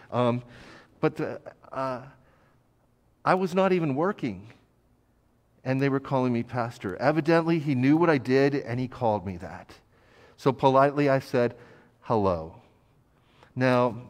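A man preaching a sermon as pastor, telling a personal story in a relaxed, conversational way with frequent fillers and light self-deprecating humor. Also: medium pitch. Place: church sanctuary. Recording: long church reverb.

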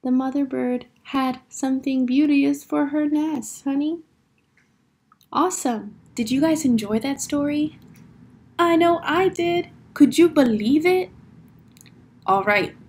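A woman's voice: high voice, takes it slowly. A woman teacher reading a picture book aloud to children, acting out the sound words and stopping to ask the class questions.

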